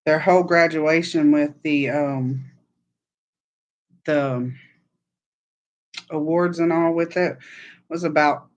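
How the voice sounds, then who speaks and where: A woman's voice: sits low, fairly even intonation, takes it slowly, long pauses. A woman hosting a casual livestream chat, telling meandering, chatty stories. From Southern United States. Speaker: podcast host.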